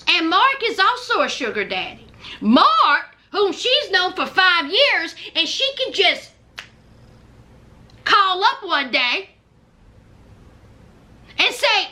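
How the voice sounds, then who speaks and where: Sassy, high-voiced woman commentator. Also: sharp tone. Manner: sassy, dramatic, scolding. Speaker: reality-show commentator. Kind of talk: reaction commentary vlog.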